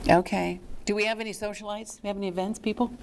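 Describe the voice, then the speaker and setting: A woman presenting a fundraising workshop to a live audience in a lively, chatty way. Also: mid-range voice, quick pace, gravelly, a little hiss or hum. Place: meeting room with a live audience.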